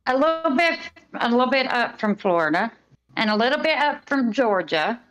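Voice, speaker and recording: Lively woman with a Southern accent. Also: on the high side, normal speed, poor audio. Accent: Southern American. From Virginia, United States. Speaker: caller from the chat. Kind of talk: casual group chat.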